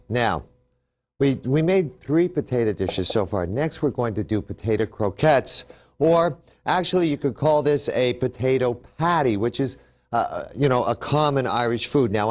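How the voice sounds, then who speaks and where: A man hosting a TV cooking demonstration, upbeat and chatty, explaining each step as he works. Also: mid-range voice. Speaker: cooking show host.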